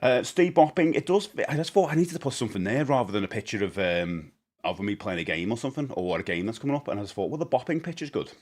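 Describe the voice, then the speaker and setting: A man's voice: medium pitch, very animated, fast, darkish tone. A British man in his forties chatting on a live stream, rambling with many fillers and greeting viewers as he goes.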